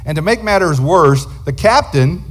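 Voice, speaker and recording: A man preaching as a guest speaker, telling a story in an animated way and acting out the people in it. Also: fairly high pitch, normal speed, slightly rough. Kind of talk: sermon storytelling.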